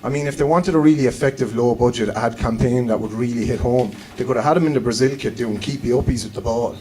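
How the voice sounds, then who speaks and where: Chatty Irish comedian with a Cork accent. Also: male voice, medium pitch, fast talker, warm tone, slight background noise, low-quality recording. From Ireland (Cork). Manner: chatty, self-deprecating, swears freely. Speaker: stand-up comedian. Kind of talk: live stand-up comedy set.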